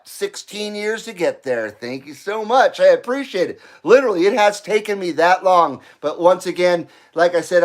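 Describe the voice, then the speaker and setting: A man hosting his own live stream, excitable and out of breath, swearing freely and laughing between remarks. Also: a little high. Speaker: channel host. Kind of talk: casual live stream chat.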